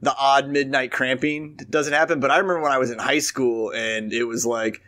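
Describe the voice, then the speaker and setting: A man's voice: mid-range voice, steady tone, a little fast, sharp tone. Laid-back sweary man chatting. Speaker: podcast co-host. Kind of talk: casual chat.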